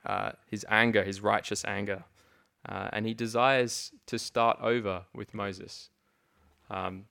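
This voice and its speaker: A man's voice: on the low side, flat delivery, slow pace, gravelly, bright, forceful tone. A man teaching through a Bible passage, reading verses aloud and explaining them in an earnest, conversational way with frequent restarts. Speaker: preacher.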